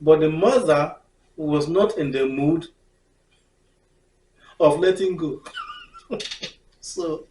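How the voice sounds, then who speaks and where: A woman telling a personal story in an expressive way, laughing often and acting out the scenes. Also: deep voice, slow, pauses often, a little hiss or hum. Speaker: storyteller vlogger. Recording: echoey room, mic far off.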